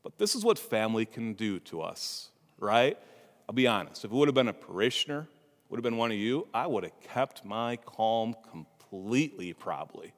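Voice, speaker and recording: A priest giving a homily, telling a humorous family story with asides to the congregation, in a church. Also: male voice, lowish voice, very animated, normal speed. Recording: reverberant church hall.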